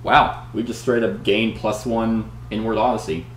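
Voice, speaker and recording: In an echoey room where a faint hum is audible, a man with a lowish voice and normal pace narrates a board game's story dramatically. It's a relaxed play-through, and he chats energetically with his partner along the way.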